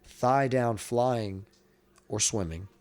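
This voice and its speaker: A man's voice: mid-range voice, takes it slowly, darkish tone. A man hosting a podcast in casual chat, rambling and swearing freely. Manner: rambling, profane, many restarts. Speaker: podcast host.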